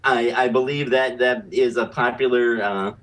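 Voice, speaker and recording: A man's voice: mid-range voice, fairly even intonation, normal speed, fairly bright tone. A man joining a casual podcast chat with dry, wry humor.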